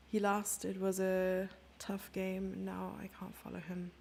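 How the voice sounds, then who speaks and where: A woman's voice: medium pitch, vocal fry, a little mellow, a little hiss or hum. A woman streamer giving chatty live chess commentary, thinking aloud and sometimes dropping into a whisper.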